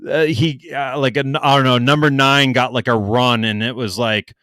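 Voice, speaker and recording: Telling a story during casual chat, this young podcast co-host is animated and swears freely, imitating what others said in a raised voice. His medium-pitched voice moves at normal speed in a dry recording.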